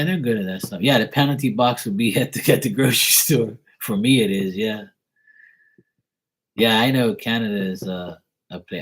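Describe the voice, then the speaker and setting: Deep-voiced man chatting casually. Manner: rambling, joking, storytelling. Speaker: live tarot reader chatting with viewers. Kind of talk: casual live-stream chat.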